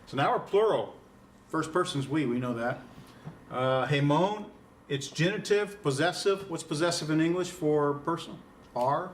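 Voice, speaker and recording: A man teaches a beginners' class in a chatty, joking way, asking students questions as he goes. His voice sits a little high. He is recorded from some distance in a classroom with faint background noise. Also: animated, unhurried. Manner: conversational, quizzes students, chuckles at own puns. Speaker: Greek instructor. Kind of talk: classroom lecture.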